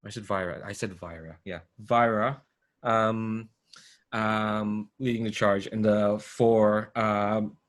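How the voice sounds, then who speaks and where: Excitable guy gm-ing a tabletop game, laughs a lot. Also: lowish voice, takes it slowly. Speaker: game master.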